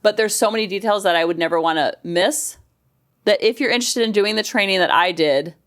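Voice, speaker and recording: A woman's voice: brisk, fairly bright tone. A middle-aged woman, a counselor and life coach, hosting her podcast in a chatty, upbeat way. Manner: chatty, upbeat, acts out quotes in lower voice. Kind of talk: casual chat.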